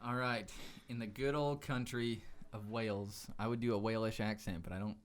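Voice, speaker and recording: A man co-hosting a casual podcast, joking and reading aloud haltingly. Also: fairly low pitch, steady tone. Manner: jokey, reads aloud haltingly. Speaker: podcast co-host. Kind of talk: casual chat.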